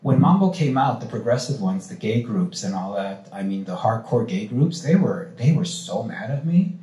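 A man on a panel telling lively stories, acting out the voices of the people he quotes and swearing freely. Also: medium pitch, moderate pace, reverberant, rough recording. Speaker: playwright panelist. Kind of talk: animated storytelling on a panel. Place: cultural institute event hall.

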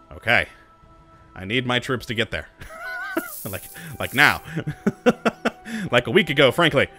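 Lively, frantic man playing a strategy game. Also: on the high side. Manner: frantic, self-mocking, talks to his units. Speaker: game commentator. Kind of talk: let's play commentary.

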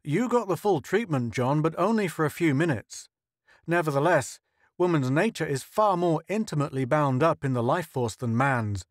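An earnest, thoughtful scientist who explains at length in a slightly high voice, as a male narrator plays him. The sound is dry and close. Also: animated, normal speed, dry recording, close to an everyday voice.

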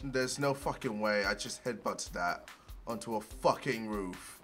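A young man giving loud, profane gameplay commentary, shouting and yelping at the game. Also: fairly low pitch, unhurried, faint music behind. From England. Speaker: gaming video creator.

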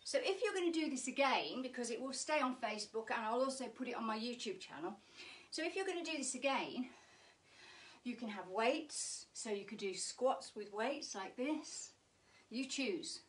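A woman's voice: fairly high pitch, expressive, moderate pace, distant mic. A woman teaching a live online fitness class, chatty and encouraging, joking as she works out and slightly out of breath. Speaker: pilates instructor.

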